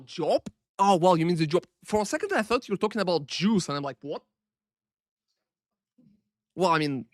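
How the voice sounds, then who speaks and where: A man's voice: on the high side, a bit bright, dry recording, clean studio sound. A man hosting a game live stream, chatting loosely and profanely with viewers, full of fillers and greeting them by name. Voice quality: profane, rambling, filler-heavy. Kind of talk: casual live-stream chat. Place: Paris.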